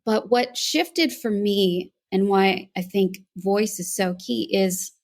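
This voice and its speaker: A woman's voice: mid-range voice, slow pace. An American woman, a voice coach, earnestly telling her story as a podcast guest. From United States. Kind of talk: podcast interview.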